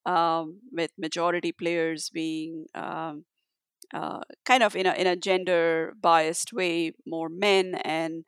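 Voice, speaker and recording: A woman speaks as an interview guest, thoughtful and halting, often restarting her sentences. Her voice is clear and smooth. The recording is dry and close. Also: low-pitched, little pitch movement, dry recording. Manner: halting, many restarts and fillers. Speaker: guest, tech leader. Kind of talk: conversational interview answer.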